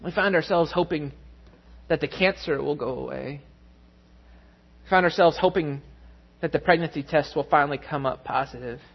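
A man preaching a sermon, telling a family story with lively, animated delivery. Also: fairly high pitch, normal speed, creaky, long pauses, slightly rough, dull audio. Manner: storytelling, animated, mimics voices in anecdotes. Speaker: pastor.

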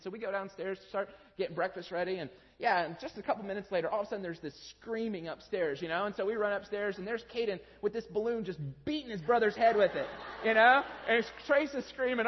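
A man's voice: sits high, fast talker. A man in his thirties preaching a sermon as pastor, telling stories in a conversational way and acting out his children's voices. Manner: conversational storytelling, animated when quoting his kids. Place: large church sanctuary. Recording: dull sound with long hall reverb.

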